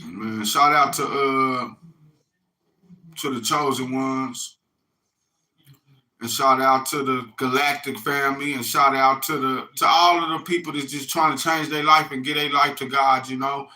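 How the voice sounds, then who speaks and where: A man's voice: medium pitch, fairly even intonation, unhurried, pushed and bright, reverberant, low-quality recording. A middle-aged man giving a rambling, profane spiritual monologue that keeps checking in with "you hear me?". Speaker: self-styled religious messenger.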